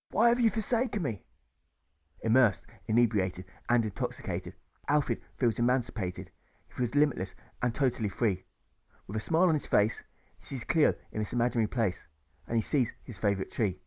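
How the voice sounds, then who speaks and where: A man's voice: medium pitch, a little mellow. Man reading rhyming verse rhythmically. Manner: rhythmic, stressing the rhymes. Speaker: author reading his own novel. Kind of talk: scripted audiobook narration of rhyming verse.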